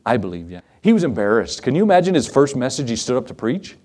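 A middle-aged man preaching a sermon, telling folksy stories with frequent chuckles and big swoops in pitch. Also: fast. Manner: folksy, chuckling storyteller with lively pitch swings. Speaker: pastor.

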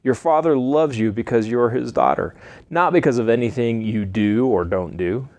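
A man voicing a wise, patient older nanny in a read-aloud storybook, speaking firmly but gently. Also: mid-range voice, moderate pace, dry recording, natural voice. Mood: firm, gentle.

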